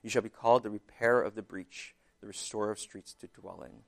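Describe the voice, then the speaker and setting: A man preaching a sermon, praying quietly and reading scripture with rising emphasis, chewing gum because of a dry mouth. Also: mid-range voice, sing-song, normal speed, gravelly. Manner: chewing gum while speaking; prays softly, reads scripture with rising emphasis. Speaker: pastor.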